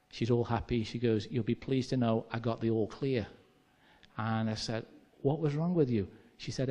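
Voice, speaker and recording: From the pulpit, a man from England with a Midlands accent shares a personal story as part of his sermon. His medium-pitched voice is a little mellow, and he keeps it conversational while performing the dialogue.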